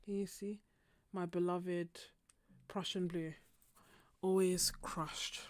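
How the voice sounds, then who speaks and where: A woman hosting a casual live painting stream, chatting with viewers and laughing often, her throat slightly husky. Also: fairly low pitch, little pitch movement, takes it slowly, dry recording. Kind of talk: casual chat while painting.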